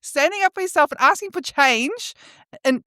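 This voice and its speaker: Animated Australian woman storyteller. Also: sits high, normal speed, dry recording, clean studio sound. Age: 40s. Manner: animated storytelling, acts out voices. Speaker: podcast co-host. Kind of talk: casual chat.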